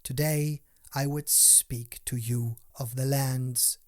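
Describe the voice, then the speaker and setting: A man's voice: medium pitch, steady tone, slow pace, a little mellow, natural voice. A man voicing a proud fairy queen who speaks formally and with command.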